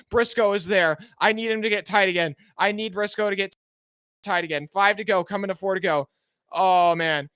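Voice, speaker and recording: A man live-streaming a car race, giving excited, anxious fan play-by-play and pleading with the drivers, sounding out of breath. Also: high voice, clear, resonant tone, dry recording, clean studio sound.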